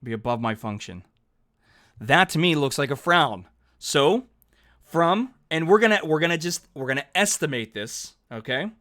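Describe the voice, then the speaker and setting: A man's voice: fairly high pitch, expressive, moderate pace, bright, forceful tone. A man teaching calculus over a digital whiteboard, chatty and upbeat, thinking aloud and correcting himself as he writes each step. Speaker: math teacher. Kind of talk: narrated whiteboard math lesson.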